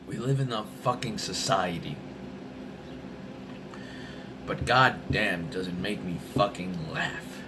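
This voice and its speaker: Young male vlogger, lively swearing rant, noisy vehicle sounds behind. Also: low-pitched, measured pace. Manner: animated, swearing, jumps between topics. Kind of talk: profane rambling rant.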